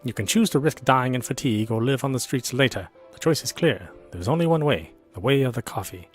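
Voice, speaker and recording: Guy voicing a stern young coffee teacher lady, matter-of-fact, soft music in the back. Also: medium pitch, animated, a little fast, breathy edge.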